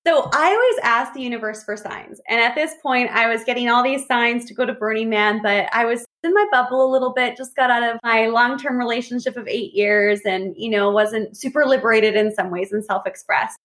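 A woman in casual conversation, telling lively stories and acting out what people said. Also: fairly high pitch, a little fast, few pauses. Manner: animated storyteller, acts out quotes. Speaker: podcast guest. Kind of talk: casual chat.

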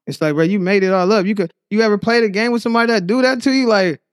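A young man from the Bay Area with a Bay Area accent, talking in a slangy, rambling, animated way as a podcast guest. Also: high-pitched, rapid-fire, few pauses, smooth, no echo, studio quality. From San Francisco Bay Area. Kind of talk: casual chat.

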